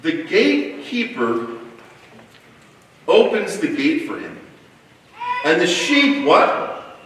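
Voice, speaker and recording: A pastor preaches a sermon with a high voice, taking it slowly, telling stories in an animated way and often stumbling and restarting. He's captured from far off in an echoey church sanctuary.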